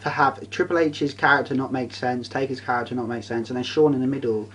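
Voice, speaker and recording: A man's voice: medium pitch, fairly even intonation, fast, a bit bright, slight background noise, low-quality recording. A man in casual chat, ranting and swearing, repeating himself for effect.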